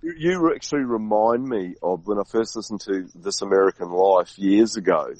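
A man as a guest in a casual conversation, talking in a rambling, halting way with many restarts. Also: on the low side, a little mellow, no echo, poor audio. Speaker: podcast guest.

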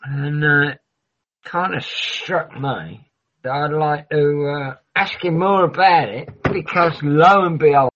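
A man's voice: fairly high pitch, takes it slowly, noisy background. A man hosting a livestream in casual rambling chat, who swears freely and often trails off mid-sentence. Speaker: livestream host. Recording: dull lo-fi recording.

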